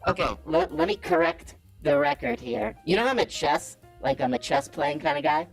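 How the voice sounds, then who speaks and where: On a call-in show, a caller does a comedic impression of a boastful self-styled male business guru, smug, cocky, evasive and defensive, with pitch swinging wildly. The voice is gravelly with lively intonation at normal speed, and soft music plays in the background.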